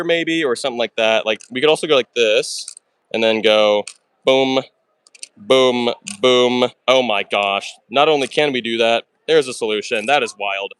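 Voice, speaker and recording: A man hosting a live puzzle stream, rattling off his thinking at speed and breaking into excited exclamations. His voice sits at a middling pitch, and the sound is close and dry with no room around it. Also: clean tone, no echo. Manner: fast and chatty, talks through his moves. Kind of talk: live stream chat while solving puzzles.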